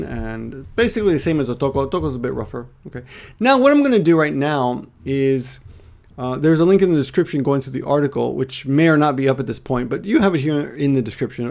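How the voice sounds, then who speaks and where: A man teaching Japanese to English speakers in a casual online lesson, explaining step by step and repeating words slowly. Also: on the high side, creaky, darkish tone.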